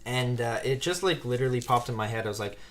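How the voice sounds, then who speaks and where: A man's voice: medium pitch, lively intonation, fast talker, a bit bright. A man hosting a casual live stream, chatting and reading viewer comments aloud while he builds a set. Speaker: live-stream host building Lego sets.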